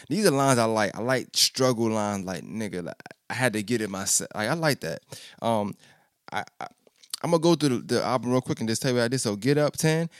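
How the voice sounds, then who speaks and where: A man's voice: medium pitch, lively intonation, fairly quick, clean tone, no room sound, studio quality. A man hosting a podcast, chatting casually as he reviews an album, stuttering often and repeating himself in loose slang. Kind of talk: casual music review chat.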